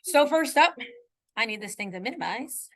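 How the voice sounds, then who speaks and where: A woman math teacher lectures in a classroom with a high, light voice. She keeps it casual and conversational, poking fun at her own slips. She often pauses to ask whether her students follow along. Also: big pitch swings, fairly bright tone. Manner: chatty, often checks in with students; playful self-mocking asides.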